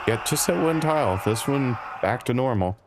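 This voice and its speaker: A man's voice: mid-range voice, animated, moderate pace. A man streaming a game, chatting with his viewers in a dry, wry, casual way. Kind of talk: casual live-stream commentary.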